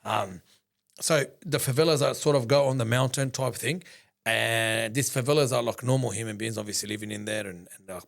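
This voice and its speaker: A man telling a story in a casual interview, rambling and animated, acting out conversations and swearing freely. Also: medium pitch, fairly quick, vocal fry. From Australia. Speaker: business founder, guest.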